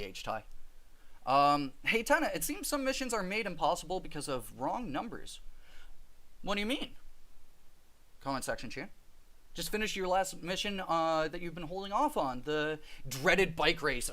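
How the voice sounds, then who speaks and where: Guy streaming a game and reading chat, bouncy voice that jumps all over, laughs a lot. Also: on the high side. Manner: animated, laughs often, chatty with viewers.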